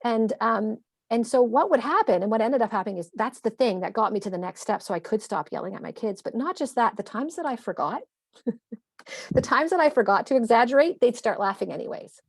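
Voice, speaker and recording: Fast-talking woman with gravelly fry. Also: a little high, no room sound, clean studio sound. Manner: animated, quick explaining with acted-out quotes. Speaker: parenting coach guest. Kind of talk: conversational interview.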